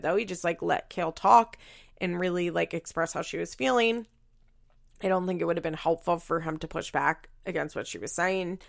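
Chatty woman with a gravelly fry. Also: lowish voice, no room sound, studio quality. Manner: chatty, laughing, heavy use of "like". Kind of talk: casual chat recapping a show.

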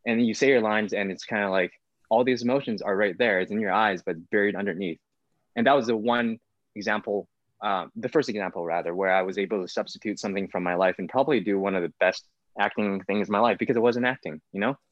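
A man's voice: fairly low pitch, quick pace, no room sound. A man, an actor, talking casually in an interview, rambling with many fillers. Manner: rambling, full of fillers like "like" and "whatnot". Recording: dull, lo-fi sound.

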